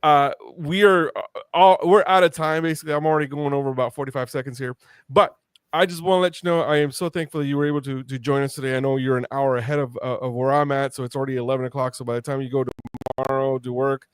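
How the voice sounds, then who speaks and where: A Mexican-born podcast host conducts a casual interview in a steady, medium-pitched voice, talking fast with passion and rambling through many restarts. The sound is clean, studio quality, without echo.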